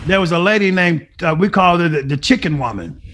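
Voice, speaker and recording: A middle-aged man with a somewhat high voice tells his recovery story to an interviewer. He talks with emphasis, like a testimony, and slips into the voices of people from his past as he retells their words. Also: expressive, fast talker, fairly bright tone. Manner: emphatic storytelling, acting out remembered dialogue. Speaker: guest sharing a recovery story. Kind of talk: personal testimony.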